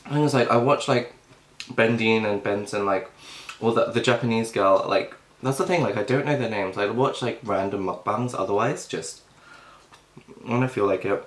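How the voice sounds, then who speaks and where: He's a young man filming a mukbang, chatting loosely as he eats, full of fillers and talking with his mouth full. His fairly low voice has a fairly bright tone and a normal speed. The recording carries the echo of the room.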